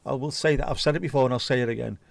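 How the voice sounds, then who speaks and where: Irish man, livestream host, casual chat, blunt, mocking, sweary, mid pitch, dry close sound. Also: racing, gravelly, dry recording. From Ireland. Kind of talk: casual chat, reading viewer comments.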